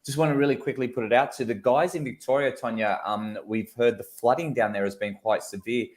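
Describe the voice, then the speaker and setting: A man's voice: mid-range voice, fairly even intonation, fairly quick. An Australian man co-hosting a casual livestream chat, reading out viewer comments. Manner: chatty, reads viewer comments aloud. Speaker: co-host.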